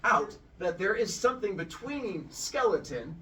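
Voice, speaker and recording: A man's voice: sits high, big pitch swings, a little slow, crowd noise. A man teaching children, retelling a myth playfully and quizzing the class. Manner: playful, asks the class questions. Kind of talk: animated storytelling lesson to children. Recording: from far off in a classroom.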